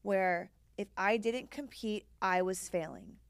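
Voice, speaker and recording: Podcast co-host, woman, mid-pitched, blunt and candid, swears freely, dry close sound. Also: slow pace, clear, resonant tone, no echo. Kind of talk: casual podcast chat.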